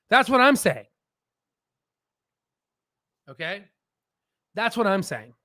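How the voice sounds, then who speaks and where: A man in his thirties hosting a casual stock market livestream, excitable and profane, mocking others in shrill put-on voices. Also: unhurried, pauses often, no echo, studio quality.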